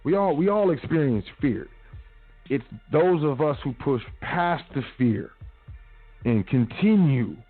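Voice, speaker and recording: A man's voice: fairly high pitch, lively intonation, unhurried, dry recording, soft background music. Man talking slangy motivation over tinny audio. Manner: big-brother tone, slangy and repetitive, acts out quotes. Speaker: radio show host. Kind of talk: casual motivational talk.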